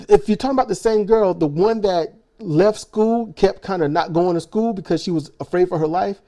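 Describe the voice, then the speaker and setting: Male host, angry sarcastic rant, profane, mellow slightly high voice. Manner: angry, profane, sarcastic ranting with stumbling restarts. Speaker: reaction video host. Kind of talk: ranting commentary.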